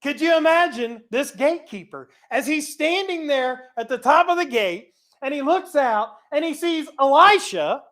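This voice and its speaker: A woman with a high-sitting voice leads a casual Bible study, reading scripture aloud and paraphrasing it. She adds lively, chatty asides and laughs often.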